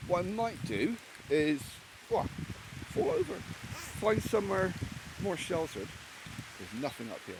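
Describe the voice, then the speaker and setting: A man from England with a fairly high voice chats bluntly and swears freely in a rambling vlog. His pitch jumps around a lot. Steady rain patters loudly behind him in the woods. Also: measured pace, long pauses, noisy background. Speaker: solo camper vlogger. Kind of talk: casual outdoor vlog talk. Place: outdoors in rainy woodland camp. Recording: outdoor recording with loud rain.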